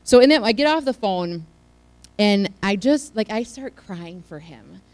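A woman telling a heartfelt personal testimony to a church congregation, her delivery swinging from hushed to loud. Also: medium pitch, lively intonation, unhurried, no echo, poor audio. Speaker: church speaker sharing a testimony.

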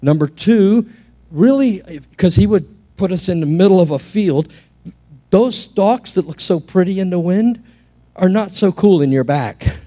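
Warm-voiced man preaching a sermon. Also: on the high side. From England. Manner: animated preaching with storytelling and repeated restarts. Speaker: pastor. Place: church.

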